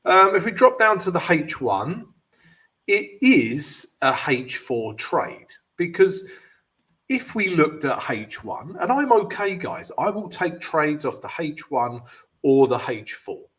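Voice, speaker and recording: Slow, animated male trading host. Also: fairly high pitch. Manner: casual, addresses viewers as guys, many fillers. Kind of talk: live chart analysis with viewer Q&A.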